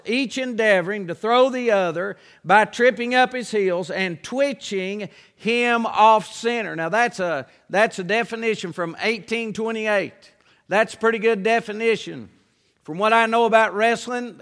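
A man preaching a sermon, praying in a reverent low voice and then preaching in an emphatic, folksy way. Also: fairly bright tone.

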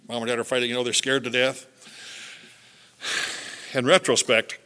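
A man's voice: mid-range voice, moderate pace, long pauses. An older man, a pastor, preaching a sermon and telling stories, acting out the quoted lines. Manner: animated storytelling, acts out quotes.

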